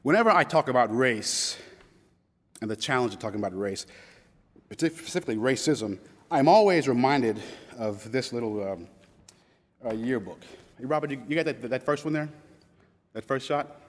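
A man's voice: medium pitch, lively intonation, moderate pace, long pauses. A man of about fifty from Louisville, Kentucky, telling a personal story in a conversational way, restarting often and quoting others. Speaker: public speaker. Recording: long hall reverb.

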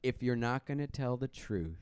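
A man's voice: mid-range voice, expressive, normal speed, darkish tone, clear, resonant tone, dry recording. A man who is a minister chatting about politics in a blunt, earnest way. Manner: earnest, blunt, laughs easily. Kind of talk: casual political chat.

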